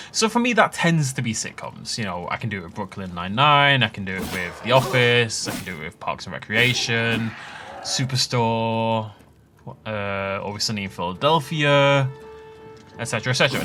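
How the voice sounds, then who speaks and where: A man's voice: mid-range voice, pushed and bright. A young adult man hosting a let's play, chatting casually and rambling off on tangents while he plays. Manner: chatty, rambling asides with laughs. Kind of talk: casual gameplay commentary.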